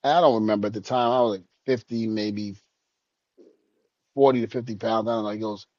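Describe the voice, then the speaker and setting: A man co-hosting a podcast, telling a long story in a relaxed way and quietly acting out what others said. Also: mid-range voice, fairly quick, no room sound, muffled recording. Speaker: podcast co-host, retired wrestler. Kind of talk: casual storytelling.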